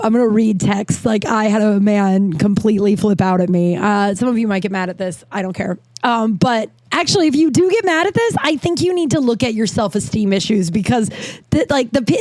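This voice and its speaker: A woman in her thirties hosting her podcast, telling candid, animated stories with frequent tangents and casual swearing. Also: medium pitch, dry recording. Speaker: podcast host. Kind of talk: casual storytelling monologue. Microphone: desk microphone.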